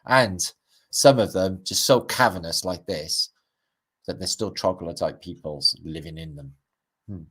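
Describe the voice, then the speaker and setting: A man's voice: deep voice, a little slow, a bit bright, breathy edge. A middle-aged Welsh man hosting a livestream, rambling casually over pictures with wry asides and casual swearing. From Wales. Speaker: livestream host.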